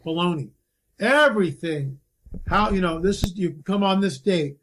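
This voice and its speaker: A man's voice: sits high, normal speed, fairly bright tone. A man speaking as a guest field researcher in a casual conversation, talking in an emphatic, impassioned way.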